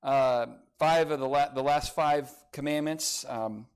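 A man preaching a sermon, rising to emphatic peaks and dropping to quiet, soft passages, and reading scripture aloud. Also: fairly high pitch, steady tone, a little slow, clean tone. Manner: reads scripture in old-style phrasing. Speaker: pastor.

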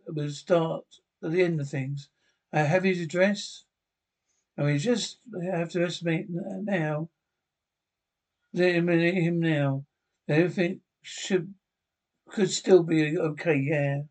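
A man's voice: fairly high pitch, fairly even intonation, slow, darkish tone. An actor playing a fussy, nervous male angel who talks in a flustered, stammering, overly polite way. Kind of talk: TV drama acting.

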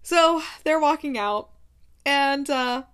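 A woman with a fairly high voice gushes over a book she loves. She retells its scenes in a casual vlog and reads passages aloud as she goes. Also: slow. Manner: gushing, retells scenes with excitement. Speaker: book vlogger.

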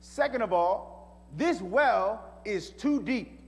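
A man's voice: sits high, lively intonation, slow, faint music behind, exaggerated voice. Preacher guy doing a sassy samaritan woman, blunt slangy comebacks, echoey hall. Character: ashamed, sharp-tongued Samaritan woman at a well.

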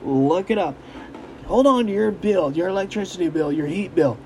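Young man, fairly high voice, blunt and emphatic, casual rant, faint engine hum behind. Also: animated, moderate pace, darkish tone, low-quality recording. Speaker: political commentator. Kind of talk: casual ranting monologue.

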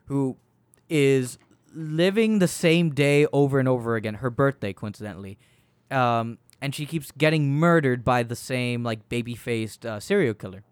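A man's voice: mid-range voice, normal speed, clean tone, dry recording. Profane, rambling young man, dry sound. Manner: rambling, profane, laughs while telling. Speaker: podcast co-host reviewing a movie. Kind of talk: casual chat.

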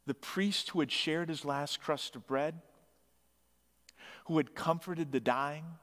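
A man's voice: fairly high pitch, fairly bright tone, big-room sound. A man narrating a story dramatically, swelling his emphasis on key phrases.

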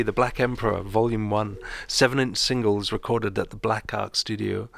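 A man hosting a radio show, casually chatting with a co-host and telling a relaxed story with chuckles. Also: lowish voice, normal speed, vocal fry, few pauses, slight background noise.

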